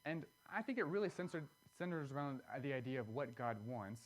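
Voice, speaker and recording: A man's voice: mid-range voice, animated, brisk. A man preaching a sermon, earnest and explanatory, pressing key words with emphatic rises.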